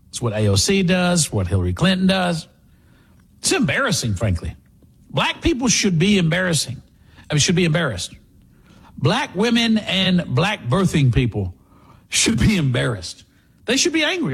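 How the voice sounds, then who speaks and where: A man hosting a radio talk show, giving sarcastic, animated political commentary. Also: fairly high pitch, a little slow, pauses often, breathy edge.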